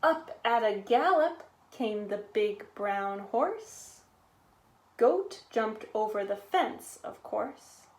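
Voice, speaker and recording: A woman reading a children's picture book aloud at storytime, animated and sometimes asking the listeners to join in. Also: on the high side, takes it slowly, reverberant. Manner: animated, with sound effects and call-and-response. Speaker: storytime reader.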